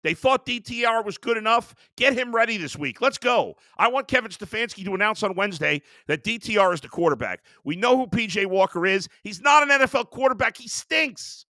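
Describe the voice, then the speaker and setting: A man's voice: high voice, lively intonation, brisk, hardly any pauses, pushed and bright, dry recording, studio quality. A man hosting a sports show, ranting in a heated, exasperated way about his team. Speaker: sports talk host. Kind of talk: sports rant.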